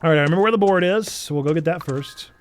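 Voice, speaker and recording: A man's voice: fairly high pitch, very fast, a little hiss or hum. A young man casually commenting as he plays a game, playful and reacting aloud. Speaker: game streamer.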